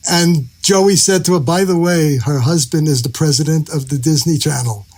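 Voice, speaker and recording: Storytelling man, a bit high-pitched. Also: moderate pace, darkish tone. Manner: storytelling, acts out quoted lines. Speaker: executive producer and head writer. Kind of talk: casual podcast conversation.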